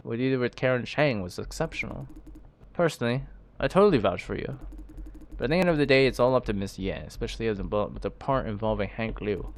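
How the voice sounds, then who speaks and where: A man as a steady, businesslike supervisor. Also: mid-range voice, slight background noise, lightly acted. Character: calm male office supervisor giving instructions. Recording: loud game music behind.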